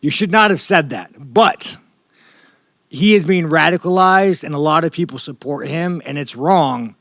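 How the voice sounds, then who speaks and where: Profane, combative American man, high voice. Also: unhurried, a bit bright, no room sound, studio quality. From United States. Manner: profane, rambling, blunt, combative. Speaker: professional fighter at media day. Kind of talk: profane press-scrum rant.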